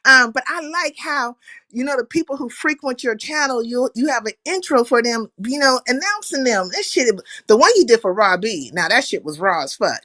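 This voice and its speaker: High-pitched, profane woman streamer. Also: normal speed, dry recording. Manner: profane, animated, greets chat viewers by name. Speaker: livestream host. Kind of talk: casual livestream chat.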